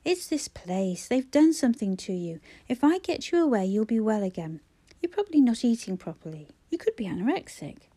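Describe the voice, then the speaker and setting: A woman voicing a distraught man pleading with his dying sister, agitated and rising to near-shouts. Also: fairly high pitch, big pitch swings, fairly quick. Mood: insistent.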